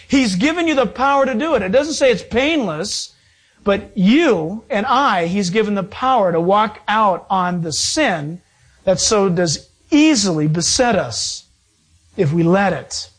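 A man preaching a sermon in a fairly high voice. He swings up and down in pitch as he preaches, leaning into joking asides. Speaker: pastor.

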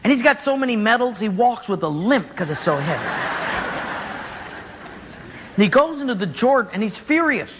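A man's voice: high-pitched, big pitch swings, fast talker, hardly any pauses, a bit bright, in a large hall, a little hiss or hum. A man preaching a sermon as pastor, telling the story animatedly with jokes.

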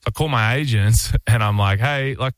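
A man's voice: lowish voice, a little fast, no echo. An Australian man, a basketball player guesting on a radio show, telling a story in a loose, rambling way full of fillers and restarts. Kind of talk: casual storytelling anecdote.

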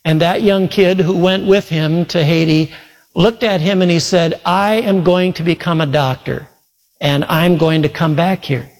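A man's voice: on the high side, steady tone, unhurried. A male preacher earnestly retelling a story in a sermon, quoting voices as he goes. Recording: long reverb from a large hall.

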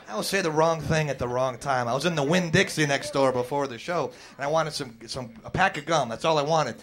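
A man's voice: on the high side, a little fast, noisy background. A man doing stand-up on a stage mic, quizzing the crowd and teasing them brashly. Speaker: stand-up comedian. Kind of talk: stand-up routine with crowd work.

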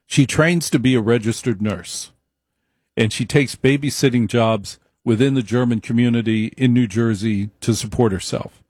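A man's voice: medium pitch, moderate pace, a little mellow, breathy edge, dry recording, studio quality. A man giving an opinionated monologue, emphatic, repeating his points and wandering into asides.

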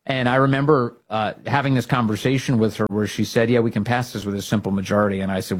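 A man hosting a political talk show, giving emphatic, fired-up commentary that rises to loud exhortations. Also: lowish voice, fairly even intonation, normal speed. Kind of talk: opinionated commentary.

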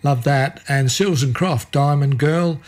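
A man's voice: on the high side, unhurried, darkish tone. A man presenting music radio, back-announcing songs in an easygoing, chatty way.

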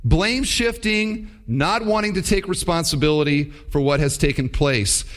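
A man's voice: on the high side, normal speed, fairly bright tone. A man preaching a sermon, teaching in a conversational yet emphatic way with many rhetorical questions.

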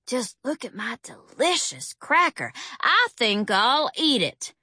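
A cocky young boy in a storybook, playfully bragging as he takes charge, as a woman reader puts him on. The voice sits high and bright. It is recorded close and dry. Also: sing-song, takes it slowly, no echo, full character voice.

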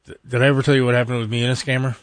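A man's voice: medium pitch, level tone, very fast, no echo. A man co-hosting a radio talk show, making wry, questioning remarks. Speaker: radio co-host. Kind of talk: casual talk radio chat.

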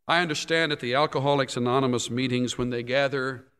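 A male pastor preaching a sermon, emphatic, rising and dropping sharply in loudness and pitch. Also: steady tone, fast, smooth, long reverb tail.

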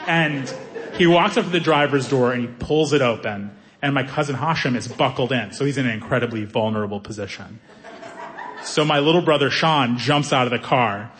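A man doing stand-up comedy, telling a story in an animated way and acting out the people in it. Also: medium pitch, fairly quick, slight background noise. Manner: animated, acts out characters' voices.

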